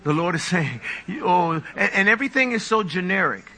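Preaching live in a high, ringing voice, a male pastor moves briskly and sounds very bright and forceful. His animated sermon is packed with mocking, funny asides aimed at the congregation, with slight background noise.

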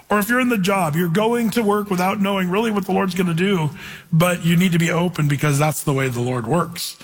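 Husky-voiced man preaching in an echoing hall. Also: high voice. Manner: conversational, storytelling, slows for scripture reading. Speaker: pastor. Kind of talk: sermon.

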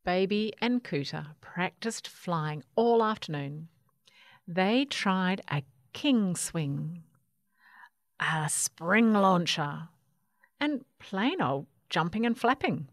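A woman reading a children's story aloud in an expressive, unhurried way. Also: on the low side, no room sound, studio quality.

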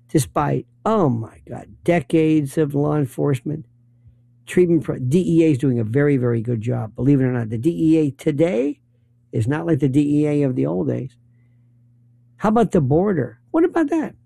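Sarcastic guy ranting political commentary, gravelly and kinda dark, dry sound. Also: on the high side, no echo. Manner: rambling, sarcastic, list-driven.

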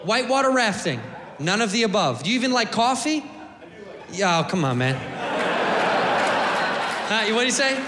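A young American man doing a crude, animated stand-up set on a club stage, swearing freely. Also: high voice, normal speed, pauses often, crowd noise. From United States. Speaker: stand-up comedian. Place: comedy club stage with a live audience. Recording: live club recording, long reverb, audience and room noise.

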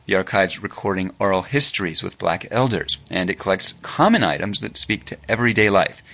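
A man reporting a radio news feature in a measured, scripted narration. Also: low-pitched, gravelly. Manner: measured, even storytelling delivery.

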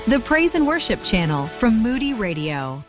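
A woman's voice: a little high, big pitch swings, moderate pace. Female promo announcer, soothing and melodic, heavy music bed. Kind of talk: scripted radio promo.

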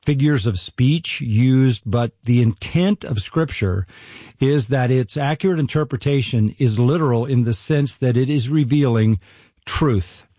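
Rich: An older man teaching on the Bible in a radio interview, earnest and measured, often restarting his phrases. His voice is warm and mellow, recorded close and dry. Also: mid-range voice, no room sound.

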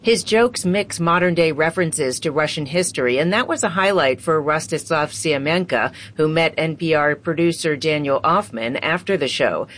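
A woman correspondent reading a scripted radio news report in a measured way. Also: low voice, animated, a bit bright.

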